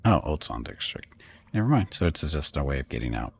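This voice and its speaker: A man's voice: very deep voice, sing-song, fairly quick, creaky, slightly rough. A man streaming a video game, thinking aloud in offhand, muttered commentary. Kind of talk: casual gameplay commentary.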